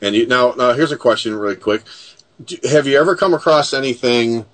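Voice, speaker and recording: A man's voice: medium pitch, a little fast, fairly bright tone. A man hosting a casual chat who talks in a rambling way, restarting sentences and leaning on filler phrases. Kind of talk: casual conversation.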